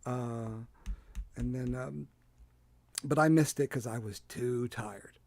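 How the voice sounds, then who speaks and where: A Delaware County Philadelphia man speaks slowly into a desk mic during his casual solo livestream from his home porch, rambling with many fillers and self-deprecating remarks. His mid-range voice is steady, creaky, and slightly mellow, and the recording is dry.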